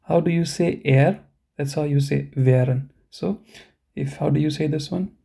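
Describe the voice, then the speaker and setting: Dark, gravelly male language teacher. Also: a little high. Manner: explains step by step, often checking with "right?"; slow, deliberate pronunciation of example words. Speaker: German teacher. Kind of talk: live online language lesson.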